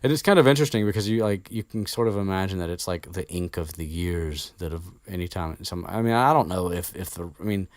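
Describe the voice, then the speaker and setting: A man's voice: low-pitched, a little fast, few pauses, no echo. A man casually retelling a story as podcast host, rambling with swearing and many fillers, close to the mic.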